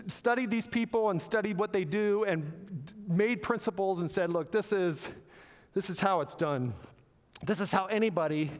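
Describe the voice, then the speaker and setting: Earnest pastor, raised voice, long hall reverb. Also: male voice, high-pitched. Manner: earnest, repeats words while searching for phrasing. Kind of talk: sermon. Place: church sanctuary.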